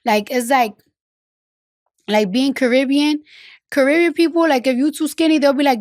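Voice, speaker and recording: A woman's voice: sits high, normal speed, long pauses, darkish tone, dry recording, studio quality. A woman, speaking frankly in an interview, cursing freely and filling her talk with "like.". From the Bronx, New York. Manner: blunt, frank, swears freely, many fillers. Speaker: interview guest. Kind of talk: candid conversational interview.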